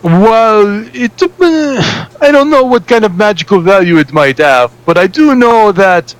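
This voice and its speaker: A game master puts on a cowardly, shady fixer who rambles in a fake foreign accent and keeps pausing to hunt for the right words. The voice sits high and swoops widely, rising well above a plain speaking pitch. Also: male voice, expressive, no room sound, low-quality recording. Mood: rambling, evasive. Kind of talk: tabletop role-play character voice.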